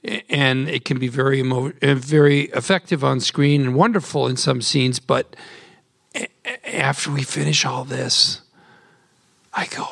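A man's voice: medium pitch, normal speed, creaky, a bit bright, breathy edge, no echo, studio quality. A man actor on a panel, talking reflectively and thinking aloud about his work. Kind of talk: panel conversation.

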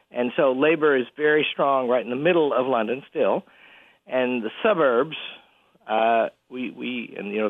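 A man being interviewed on the radio as a college president, chuckling often and talking in halting bursts with many restarts. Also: mid-range voice, vocal fry, no room sound. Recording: tinny phone line.

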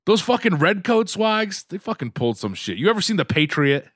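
Podcast co-host, male, from the US, loud swearing rants for comedy, very dry mic. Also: high-pitched, sing-song, a little fast, no room sound. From United States. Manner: ranting, swearing, mock outrage. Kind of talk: casual comedic chat.

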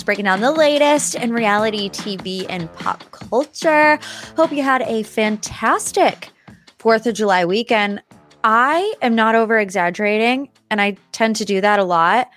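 A young adult woman with a medium-pitched voice hosts a solo pop-culture podcast, recorded with no room sound. She chats casually, talking a lot, wandering into tangents and tossing in animated asides.

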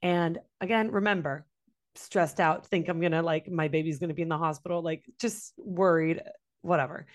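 A woman co-hosting a podcast, telling a story in casual chat with lively, profane delivery and acted-out quotes. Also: fairly low pitch, normal speed. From Latin American family. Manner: animated, swearing, acts out quoted voices. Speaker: podcast co-host.

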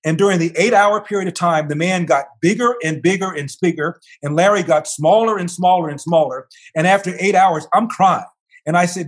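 A high-pitched older man speaks briskly as a guest in an interview, animatedly recounting a lengthy personal story and performing the voices of its characters.

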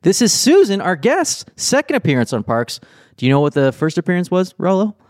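A man's voice: high-pitched, wildly swooping pitch, brisk, darkish tone, dry recording, studio quality. A man co-hosting a podcast in casual chat, friendly as he runs through the episode details. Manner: friendly, runs the rundown, some restarts. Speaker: podcast co-host.

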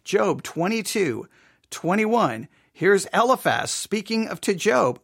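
A man preaching a sermon, emphatic and repetitive, firing off rhetorical questions and sometimes dropping into quiet asides. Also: high voice, sing-song, takes it slowly, vocal fry, dry recording, clean studio sound.

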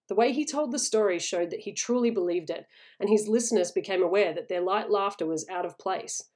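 Woman reading a storybook, steady and even, mid pitch. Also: fairly quick. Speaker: narrator.

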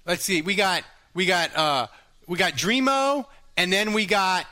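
Excitable guy hosting fan chat, bright voice, laughs a lot. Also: sits high, measured pace. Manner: excitable, animated, laughs often. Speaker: fan podcast host. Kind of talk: casual sports chat.

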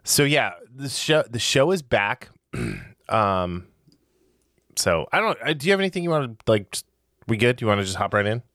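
A man's voice: mid-range voice, sing-song, normal speed, a bit bright, no echo, clean studio sound. A man hosting a podcast in casual chat, rambling and joking with frequent restarts. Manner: joking, rambling, self-interrupting. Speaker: podcast host.

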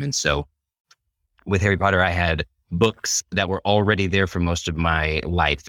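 A man's voice: low-pitched, fairly bright tone, no room sound. A man co-hosting a podcast, giving thoughtful, rambling opinions about a movie in casual chat. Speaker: podcast co-host.

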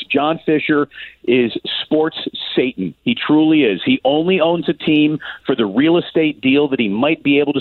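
A man's voice: medium pitch, no echo. A man calling into a sports radio show as a guest, giving blunt, opinionated analysis over a tinny phone line.

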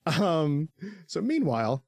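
A man recapping an anime on a podcast, loose and profane, breaking into laughter and silly voices. His voice sits fairly high. It sounds dry and close to the mic. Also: sing-song, slow, creaky, darkish tone, no echo. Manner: goofy, profane, laughs often, acts out characters in squeaky voices. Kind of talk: casual podcast chat.

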